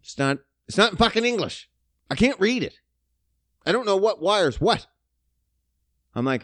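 A man hosting a podcast, ranting casually with lots of swearing and mocking, his voice jumping up and down in pitch. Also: moderate pace, pauses often, dry recording, studio quality. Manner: profane, animated, mocking ranting with sudden pitch jumps. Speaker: podcast host.

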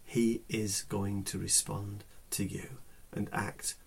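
A man with a husky, slightly breathy voice delivers a devotional sermon at a slow, deliberate pace. He speaks earnestly to his listeners, lingering on phrases and repeating words to stress them. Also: fairly low pitch, little pitch movement. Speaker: pastor.

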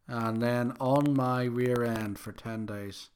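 A man's voice: medium pitch, fairly even intonation, unhurried, a bit bright, clear, resonant tone. A man hosting a podcast, talking alone in a rambling, self-deprecating way with many fillers and restarts. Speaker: podcast host. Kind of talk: casual solo podcast monologue.

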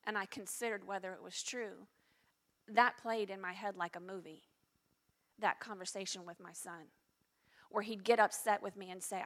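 A middle-aged woman pastor preaching a sermon in an earnest, confessional way, dropping to hushed tones at times. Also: medium pitch, normal speed, pauses often.

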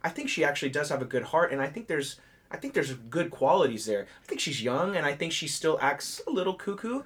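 A man's voice: on the high side, big pitch swings, fairly quick, a bit bright, slightly rough. A man co-hosting a casual podcast chat about a TV show, earnest and agreeable as he offers reflective opinions. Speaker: podcast co-host.

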